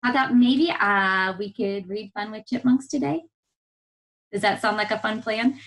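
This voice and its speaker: A woman's voice: mid-range voice, rough recording. A woman teacher giving a televised reading lesson to first graders, encouraging and patient as she walks them through sounds in words. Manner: slow, lively, encouraging teacher talk to young children.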